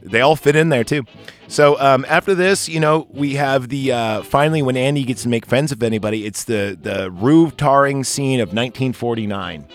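A man's voice: medium pitch, normal speed, soft background music. A man hosting a casual movie podcast, rambling and swearing freely. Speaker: podcast host.

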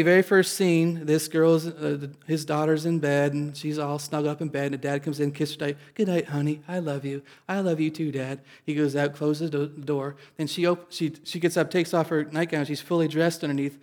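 A male pastor from Indiana telling an audience a personal story in an animated, self-deprecating way. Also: on the high side, fairly quick.

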